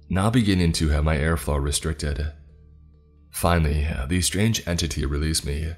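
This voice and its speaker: A man with an exceptionally deep voice reads a horror story aloud in a measured, dramatic way. Soft music runs quietly underneath his narration. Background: faint music.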